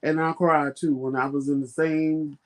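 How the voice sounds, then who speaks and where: Animated storytelling man, mid-pitched. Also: moderate pace. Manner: animated storyteller, jumps high when quoting himself. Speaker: vlog co-host. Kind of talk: casual chat.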